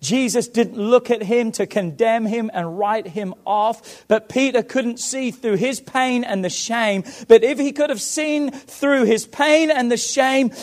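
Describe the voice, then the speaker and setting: A man preaching a sermon, swinging from hushed to loud and fervent, acting out Bible dialogue. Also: extremely high pitch. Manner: acts out Bible dialogue with stammered repeats. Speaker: pastor.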